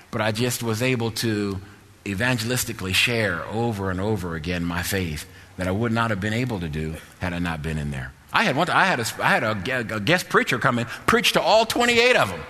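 A man's voice: mid-range voice, sharp tone, long reverb tail. A man preaching a sermon, telling a story with quoted dialogue and repeating key phrases to his congregation.

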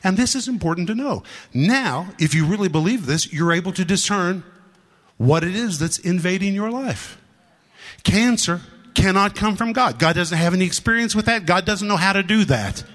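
Guy preaching hard, kinda high pitched, repeats stuff for punch. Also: lively intonation, moderate pace, fairly bright tone. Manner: emphatic, repeats lines for stress. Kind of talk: sermon.

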